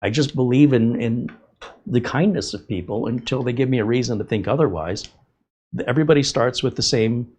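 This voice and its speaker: In a mid-range, slightly mellow voice with a breathy edge, a man running a tech livestream talks casually about mistakes he's made. He's candid and emphatic, and he tends to ramble.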